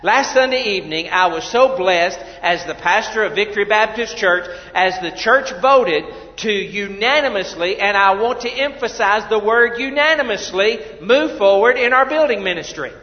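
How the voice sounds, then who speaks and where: A man's voice: high voice, moderate pace, few pauses. A male pastor preaching a sermon in a church, earnest and conversational, repeating his words and asking the congregation questions. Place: church sanctuary. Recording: dull audio with long hall reverb.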